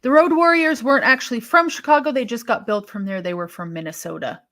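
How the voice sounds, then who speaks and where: A woman's voice: fairly high pitch, fast talker, a bit bright. A woman co-hosting a wrestling live stream, chatting casually and thinking aloud with sighs and restarts as she reacts to viewer comments.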